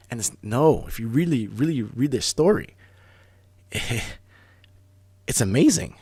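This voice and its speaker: A man hosting a talk radio show, telling stories in a casual, animated way, often restarting words. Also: mid-range voice, husky, dry recording. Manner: animated storyteller, fast bursts, repeats and restarts words. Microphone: studio microphone.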